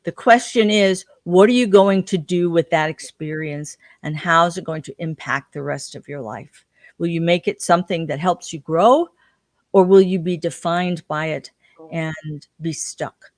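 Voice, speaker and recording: A woman's voice: lowish voice, a little slow, dry recording, studio quality. A woman guest in an interview, telling stories and acting out the people she quotes. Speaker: guest researcher. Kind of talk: interview storytelling.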